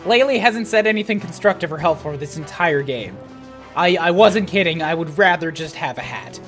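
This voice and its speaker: A man's voice: on the high side, normal speed. A man streaming a video game live, joking and commenting animatedly with his co-players. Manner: animated, joking, laughs often. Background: game music.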